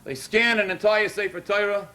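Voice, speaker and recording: A man's voice: high-pitched, steady tone, normal speed, pushed and bright. A man speaking at a synagogue ceremony, delivering an emotional sermon that rises to emphatic peaks. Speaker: rabbi speaking at a Torah dedication.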